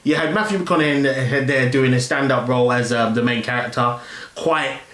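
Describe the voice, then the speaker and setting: A man talks through a film review casually, in a rambling way, stopping and restarting often. His voice sits at an ordinary middle pitch. The room around him gives a noticeable echo. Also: a little fast, fairly bright tone. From London, England. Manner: rambling, many fillers and restarts.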